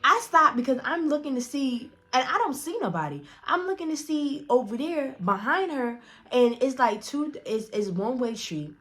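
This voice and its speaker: A young woman telling a casual storytime to her viewers, blunt and profane, animated, with frequent restarts. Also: high voice, normal speed. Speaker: storyteller vlogger.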